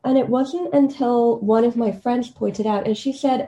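Mellow-voiced woman telling stories. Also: on the high side, measured pace, hardly any pauses. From Kenya. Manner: reflective, easygoing, often laughing. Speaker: guest. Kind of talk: casual storytelling interview.

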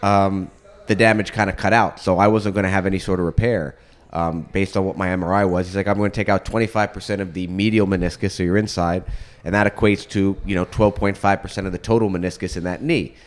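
A man in casual conversation, telling a personal story in an animated way and laughing often. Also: low-pitched, quick pace. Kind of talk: casual chat.

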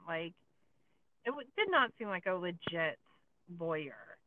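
A woman's voice: medium pitch, animated, normal speed, noisy background. A woman co-hosting a podcast, recapping a documentary in casual chat, with many filler likes and sarcastic asides. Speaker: podcast co-host. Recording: tinny phone-like sound, dry.

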